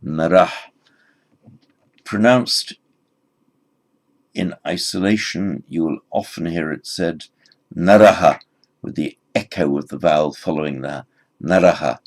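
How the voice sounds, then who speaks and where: A man teaching a recorded grammar lesson, explaining word forms patiently and spelling them out slowly. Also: extremely low pitch. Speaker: language teacher.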